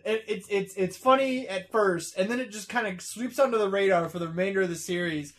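A podcast co-host in casual chat who jokes, laughs and comes back with quick retorts. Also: mid-range voice.

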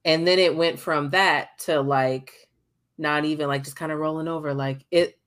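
Low-voiced woman, candid podcast chat. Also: steady tone, moderate pace. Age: young adult. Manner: candid, swears, acts out quotes. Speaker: podcast co-host. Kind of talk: casual chat.

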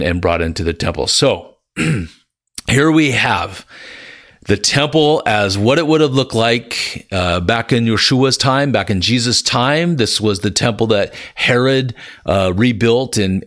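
A man's voice: on the low side, a bit bright. A man teaching a Bible lesson in a conversational, storytelling way, often repeating words and calling his listeners "you guys". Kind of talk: sermon-style Bible teaching.

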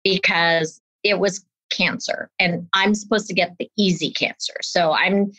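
Fairly low-pitched and unhurried, a woman in her fifties recounts a personal story as an interview guest, performing the voices of the people involved with animation. The sound is dull, lo-fi and dry, with no room sound.

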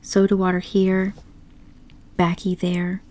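A woman voicing a boastful, excitable male toad in an audiobook story, talking grandly and pushily. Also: lowish voice, slow pace. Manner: grandly enthusiastic, pushy.

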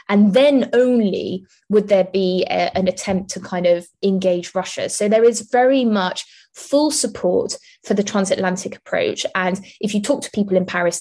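A woman think-tank analyst giving measured, explanatory answers in an interview, with frequent restarts. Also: medium pitch, mellow.

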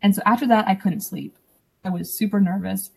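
A young woman, a podcast guest, casually recounting a personal story in an animated way, acting out what others said. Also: medium pitch, fairly quick, vocal fry. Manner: animated, acts out quoted dialogue.

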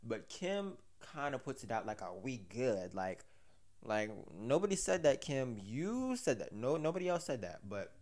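A man with a mid-pitched voice hosts a casual commentary and recaps a story. He drifts into rambling, chatty asides and corrects himself as he goes. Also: big pitch swings, normal speed, a little mellow. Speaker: commentary host.

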